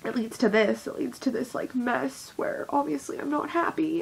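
A woman's voice: high voice, moderate pace, gravelly, hardly any pauses, slightly rough. A young woman giving a rambling, heavily profane, self-deprecating confessional vlog monologue as a YouTuber.

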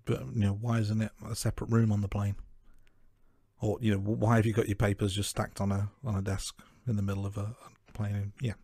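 A man co-hosting a film review podcast, talking through his notes in a measured, casual way. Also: on the low side, little pitch movement, mellow, husky, no echo, studio quality. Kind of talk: casual chat.

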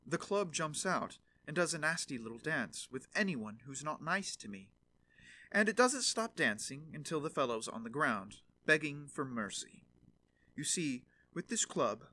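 A man's voice: a little high, bright, forceful tone, a little hiss or hum. A man voicing a boastful young journeyman turner in a fairy tale reading. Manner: boastful, commanding.

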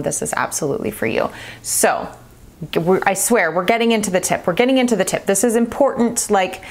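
A woman in her thirties giving earnest parenting advice straight to camera, stressing her points by repeating them. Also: medium pitch. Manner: earnest, emphatic, repeats key phrases. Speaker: parenting vlogger. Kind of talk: direct-to-camera advice talk.

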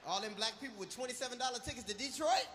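A male comedian doing a loud, profane, punchy live stand-up routine. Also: very high-pitched, expressive, rapid-fire, noisy background.

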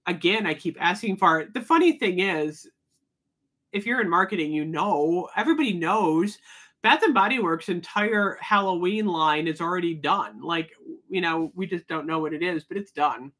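A woman's voice: fairly low pitch, animated, normal speed, a bit bright. Chatty woman hosting a live chat. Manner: chatty, reading viewer comments, laughs often. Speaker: livestream host.

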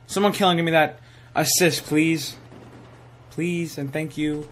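A young man giving live commentary while playing a shooter game, excitable and swearing, sometimes saying he is tired. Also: fairly high pitch, unhurried, a little hiss or hum. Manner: excitable, swears, yells at kills. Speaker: gaming streamer.

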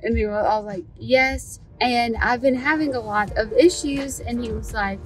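A woman's voice: a little high, normal speed, hardly any pauses, faint music behind, low-quality recording. A woman vlogging in a casual, chatty way, telling stories with animation. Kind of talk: casual vlog chat.

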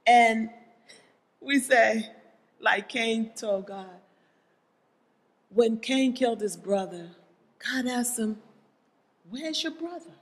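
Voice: medium pitch, slow pace, pauses often. A preacher delivering a sermon to a congregation, pressing the listeners with pointed rhetorical questions. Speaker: church speaker. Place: church sanctuary. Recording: long hall reverb in a church.

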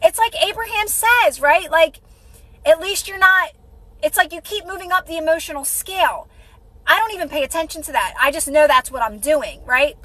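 A woman's voice: extremely high pitch, normal speed, bright, forceful tone, dry recording, low-quality recording. A woman hosting a casual motivational livestream, repeating herself encouragingly and greeting viewers by name. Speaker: livestream host.

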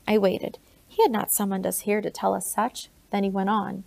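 Woman narrating with a gravelly edge. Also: medium pitch, level tone, moderate pace, hardly any pauses, a little mellow. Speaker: audiobook narrator. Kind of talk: first-person audiobook narration.

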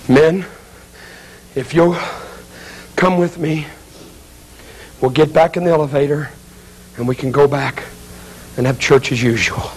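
A man's voice: fairly high pitch, fairly even intonation, unhurried, pauses often, slight background noise. A man evangelist preaching a dramatic revival sermon in an urgent, pleading way.

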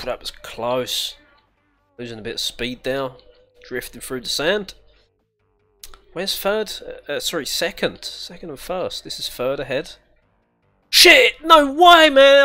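Giggly British gamer muttering over music. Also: male voice, mid-range voice, bright, forceful tone. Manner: chatty, swears and giggles often. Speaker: gaming channel host. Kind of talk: casual let's-play commentary.

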